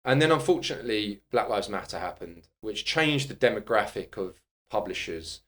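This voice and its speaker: A middle-aged man talks in a fairly low voice. He tells candid, animated stories and swears bluntly, like a guest in casual conversation. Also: normal speed. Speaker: guest, personal trainer and author.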